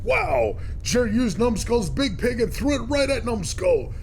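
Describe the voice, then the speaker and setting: A man's voice: extremely high pitch, expressive, a little slow, creaky, a little hiss or hum, full character voice. A man voicing a jittery, whiny male fight commentator in a cartoon. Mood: nervous.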